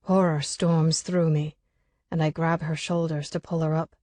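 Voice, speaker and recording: A woman's voice: low-pitched, flat delivery, unhurried, warm tone, dry recording. A woman narrating a first-person audiobook chapter with an urgent, coarse inner voice.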